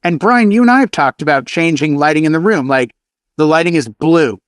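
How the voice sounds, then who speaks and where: A man's voice: a little high, animated, brisk, no room sound, clean studio sound. A man hosting a casual chat among DJs, telling stories and acting out his own microphone announcements. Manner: storytelling, chatty, acts out his announcements. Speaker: DJ show host. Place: convention hallway.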